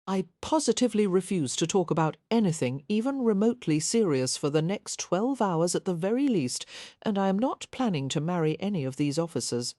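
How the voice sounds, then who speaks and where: A woman's voice: fairly low pitch, expressive, fairly quick, dark tone, no room sound, studio quality, natural voice. A woman doing a giddy, bubbly young lady. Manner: gushing, playful.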